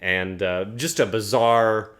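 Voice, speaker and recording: A man's voice: lowish voice, slow pace, fairly bright tone. Wry, joking man commenting on a game. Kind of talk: casual let's play commentary.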